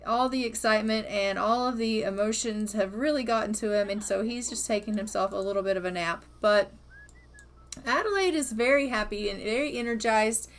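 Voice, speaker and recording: A woman's voice: medium pitch, brisk. A woman giving chatty, cheerful commentary over a life-sim game, narrating what her characters do. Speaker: gaming video host. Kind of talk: casual gameplay commentary.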